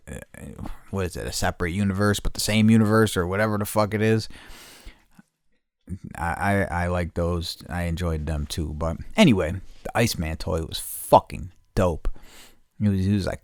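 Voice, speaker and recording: A man's voice: low-pitched, dry recording, studio quality. A podcast host in casual, rambling storytelling, swearing a lot and repeating himself as he talks. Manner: profane, restless, repeats himself.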